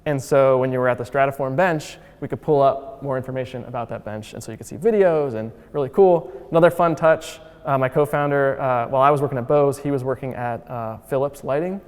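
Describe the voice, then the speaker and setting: A man's voice: medium pitch, brisk, few pauses, clean tone. A man giving a casual, upbeat lecture about his design museum, talking in a chatty way with lots of fillers. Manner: chatty and upbeat, heavy use of "like" and "uh"; acts out quotes with voice shifts. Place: lecture hall. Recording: long reverb of a lecture hall.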